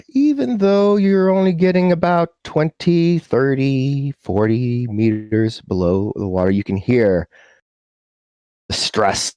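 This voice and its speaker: A man's voice: on the low side, a little mellow, no room sound. A man running a tabletop game, narrating casually with frequent fillers. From United States. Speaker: game master.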